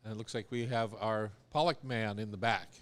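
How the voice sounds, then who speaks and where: A man's voice: on the low side, steady tone, brisk, fairly bright tone. A man hosting a live radio show in a studio, chatting casually and rambling with fillers. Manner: rambling, easygoing, with many fillers.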